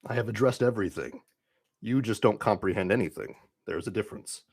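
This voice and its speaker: A man's voice: lowish voice, normal speed, pauses often, a little mellow. A young man live streaming, ranting casually to his chat in a rambling, dismissive way with lots of "like". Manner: rambling, heavy use of "like", dismissive.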